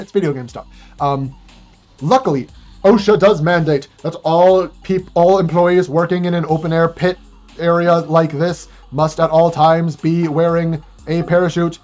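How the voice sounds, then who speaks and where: A chatty speedrunner talking through a live run, joking about the game's rules and plot while making moves. The delivery rambles and restarts casually, with faint game music playing quietly underneath. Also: mid-range voice. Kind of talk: speedrun commentary.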